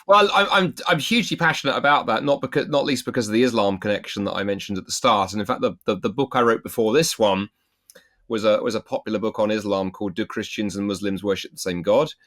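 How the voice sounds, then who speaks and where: A middle-aged man from the UK, a guest author telling lively anecdotes in an interview and acting out the quotes. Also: lowish voice, fast talker. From United Kingdom. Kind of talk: storytelling interview answer.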